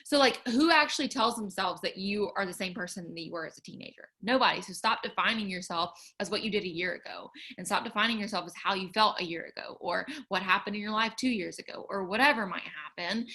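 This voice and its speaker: A woman's voice: medium pitch, a little fast, hardly any pauses, sharp tone. A young woman hosting a livestream and chatting earnestly to viewers about faith, full of fillers as she urges them on. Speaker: livestream host sharing faith encouragement. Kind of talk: casual faith talk to viewers.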